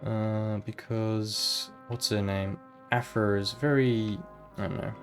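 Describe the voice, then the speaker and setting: A man's voice: on the low side, steady tone, takes it slowly, faint music behind. A man playing a video game and thinking aloud in a rambling, casual way. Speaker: gamer. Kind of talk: let's play commentary.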